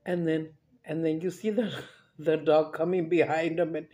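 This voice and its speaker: A woman's voice: low voice, flat delivery, normal speed, mellow. A woman, chatting and rambling through stories while eating on camera, dropping in Spanish words. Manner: rambling chatty storyteller, mixes in Spanish, laughs often. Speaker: mukbang vlogger. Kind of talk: casual chat while eating.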